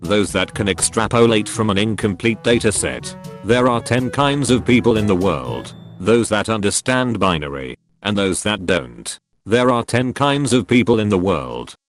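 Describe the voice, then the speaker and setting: Male narrator, low and lively, deadpan joke reading, faint music underneath. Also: moderate pace. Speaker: narrator reading Reddit posts. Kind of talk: scripted narration of jokes.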